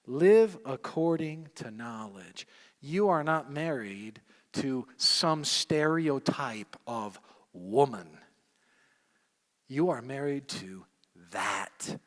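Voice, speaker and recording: A man delivers sermon-style teaching at an ordinary pitch. He hammers his points through repetition and moves between soft, close asides and loud, ringing emphasis. His voice carries a long reverb from a large hall. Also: expressive, very slow. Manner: emphatic, repeats key phrases, swings from hushed to loud. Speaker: men's ministry teacher.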